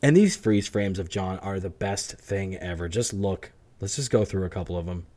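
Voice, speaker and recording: Man, host, mocking commentary, swears a lot, low pitch, warm dark tone. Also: moderate pace. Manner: profane, mocking, laughs often. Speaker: show host. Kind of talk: commentary reacting to clips.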